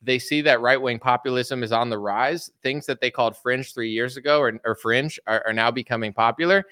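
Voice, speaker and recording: A man's voice: medium pitch, fairly quick, bright, forceful tone, clean tone, no room sound, studio quality. A young man hosting a casual political chat, rambling and laughing often as he talks. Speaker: host.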